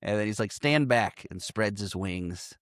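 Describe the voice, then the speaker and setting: A man's voice: lowish voice, little pitch movement, moderate pace, no echo, clean studio sound. A man co-hosting a casual movie podcast, retelling scenes and quoting lines between bursts of laughter. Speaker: podcast co-host. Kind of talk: casual movie recap chat.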